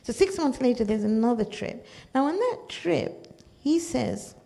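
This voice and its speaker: A woman's voice: fairly high pitch, lively intonation, unhurried, creaky, mellow. A woman teaching a religious study class, explaining verses through storytelling and often checking in with her listeners.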